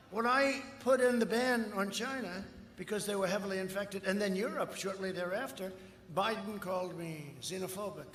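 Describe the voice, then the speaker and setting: This political candidate, a man in his 70s, speaks at moderate pace in a high, slightly bright voice with fairly even intonation. He rambles and repeats himself, tossing in mocking remarks. The outdoor rally's sound system adds long reverb, echo, and a little noise.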